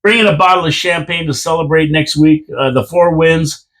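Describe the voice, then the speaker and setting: A man's voice: fairly high pitch, steady tone, moderate pace, a bit bright. A man co-hosting a casual hockey chat from a radio studio, making emphatic, confident predictions. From Canada. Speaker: podcast co-host.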